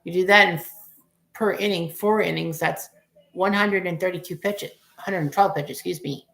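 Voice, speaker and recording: A woman's voice: on the low side, steady tone, moderate pace, creaky, fairly bright tone, echoey room. A woman in her forties giving casual, rambling play-by-play of a baseball game as a fan streamer, cursing at bad plays. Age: 40s.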